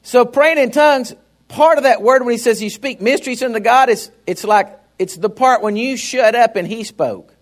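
A man's voice: very high-pitched, moderate pace. A man preaching a sermon in a folksy, conversational way, often turning to the congregation with asides.

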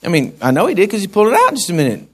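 Man preaching, folksy asides to the pews, higher voice that swings widely. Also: huge pitch swings, racing. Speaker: pastor. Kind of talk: sermon.

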